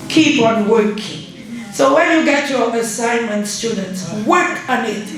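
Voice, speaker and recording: A middle-aged woman from Suriname, giving an unhurried, conversational guest lecture as an ambassador and often checking in with her audience. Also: a little high. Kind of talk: public lecture. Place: large university lecture hall. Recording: very echoey hall, faint room ambience.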